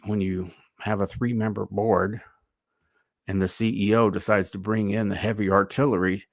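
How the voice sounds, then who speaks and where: A man's voice: fairly low pitch, creaky, dry recording, studio quality. A man hosting a livestream, giving opinionated commentary in a loose, musing way. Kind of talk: casual commentary.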